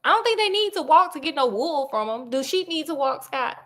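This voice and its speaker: A woman's voice: high-pitched, lively intonation, fairly quick, pushed and bright. Chatty woman retelling a story. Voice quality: chatty, slangy, self-interrupting. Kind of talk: casual comedic story retelling.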